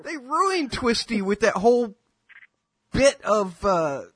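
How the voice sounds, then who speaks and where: A man with a husky voice chats in a wry, animated way. His pitch moves a great deal, and the sound is dry and close. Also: slow pace, dry recording. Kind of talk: casual chat.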